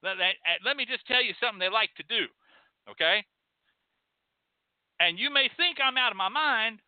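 A man's voice: high-pitched, moderate pace, pauses often, no room sound. A man hosting a show, delivering an emphatic, profane monologue lecture that repeats phrases for stress. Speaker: host. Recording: tinny phone-like dry sound.

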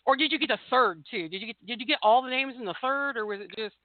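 A woman's voice: on the high side, quick pace, no echo. A woman hosting a casual chat show, chatty and salty, laughing easily. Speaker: podcast host and author. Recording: phone-line quality, dry.

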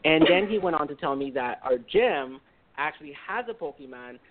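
A man's voice: on the high side, animated, moderate pace. A man co-hosting a talk podcast, chatting in a blunt, joking way. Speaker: podcast co-host. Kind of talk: casual chat. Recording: tinny phone-like sound.

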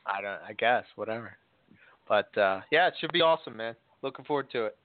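A man's voice: fairly low pitch, lively intonation, brisk, no room sound. A man hosting a casual chat in an easygoing, rambling way. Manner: easygoing, many "you know" fillers. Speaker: host. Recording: dry tinny phone-like line.

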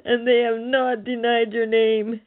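Woman, high and flat voice, pleading prophetic speaker, thin phone-quality recording. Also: unhurried. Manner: earnest, tearful, pleading. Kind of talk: relayed prophetic message.

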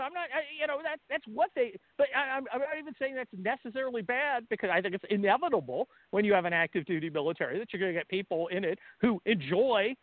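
A man's voice: high voice, expressive, quick pace, hardly any pauses, no room sound. A middle-aged man from California, a guest on a talk radio show, talking in a blunt, combative and sarcastic way. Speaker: guest commentator. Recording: dry, tinny phone line.

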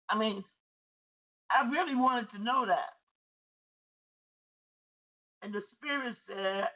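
Woman minister, unhurried, talks straight to the listeners, tinny phone-like sound. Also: medium pitch. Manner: conversational, repetitive, addresses listeners directly. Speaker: deliverance minister. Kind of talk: testimony sermon.

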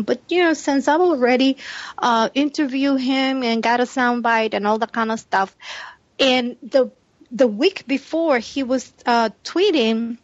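A woman with a high voice tells an animated story in casual podcast chat, laughing often as she talks. The sound is dry and close, with a dull, lo-fi tone. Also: no echo. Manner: animated, laughs often while telling stories. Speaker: podcast co-host.

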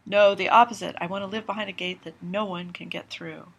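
A woman's voice: mid-range voice, fairly even intonation, brisk, gravelly, a bit bright, breathy edge. A woman voicing a confident young male doctor. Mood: earnest.

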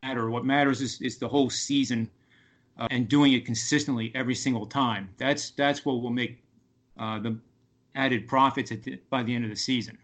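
A man's voice: mid-range voice, steady tone. A man talking as a guest sports betting analyst on a radio podcast, with lots of fillers and restarts. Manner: halting, many fillers and restarts. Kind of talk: casual radio talk.

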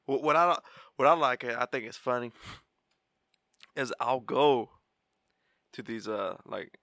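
A man, a native Spanish speaker, co-hosting a relaxed podcast in a bright, mid-pitched voice. He laughs often, swears, and trips over his words as he restarts sentences. The sound is close and dry. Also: slow pace, no room sound. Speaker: podcast co-host. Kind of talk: casual chat.

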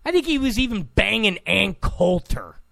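A man's voice: high voice, big pitch swings, moderate pace, vocal fry, a bit bright, dry recording. A man delivering a ranting political commentary, exasperated and mocking, repeatedly scoffing "come on.".

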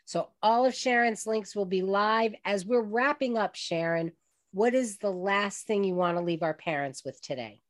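A woman's voice: mid-range voice, normal speed. An older woman hosting an online radio talk show, telling heartfelt personal stories to her guest.

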